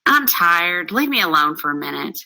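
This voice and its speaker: Woman reading as a teasing old nurse, bright gravelly voice from a distance, dry. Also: lowish voice, sing-song, normal speed, no echo, exaggerated voice. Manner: reads aloud plainly from the text. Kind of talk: classroom play reading.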